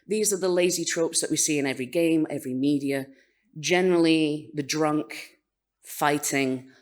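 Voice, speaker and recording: A woman from Scotland with a Scottish accent gives a conference talk. Her delivery is dry and sarcastic, with a lively, animated edge. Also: on the low side. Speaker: conference speaker.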